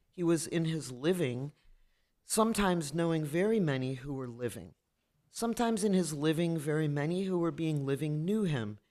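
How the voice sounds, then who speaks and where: A man reading literary prose aloud at a public marathon reading, in a steady, even way. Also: a little high. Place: art space in New York.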